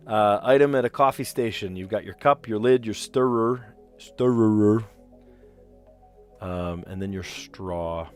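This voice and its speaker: A man with a somewhat low voice and a light New Jersey accent hosts a casual live stream as he works through word puzzles. He rambles in a chatty, easygoing way and laughs often, with faint music in the background. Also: unhurried, smooth.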